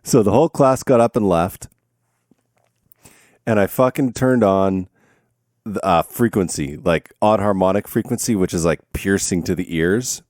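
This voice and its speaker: A man's voice: low voice, measured pace, a little mellow, dry recording, clean studio sound. A man, a former touring musician who now teaches, telling stories casually in a conversation, laughing often and swearing freely.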